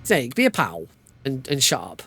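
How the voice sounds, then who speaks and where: A man's voice: medium pitch, wildly swooping pitch, moderate pace, gravelly, bright, forceful tone, husky. A man giving casual, joking live commentary while playing through a video game speedrun. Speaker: speedrunner streamer. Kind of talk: live commentary over gameplay.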